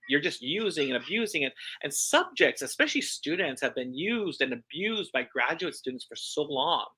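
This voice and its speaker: A man's voice: a little high, bright, forceful tone. A man with a Hawaiian accent giving a church talk, telling personal stories earnestly and repeating phrases for emphasis. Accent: Hawaiian English. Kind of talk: sermon-style personal storytelling.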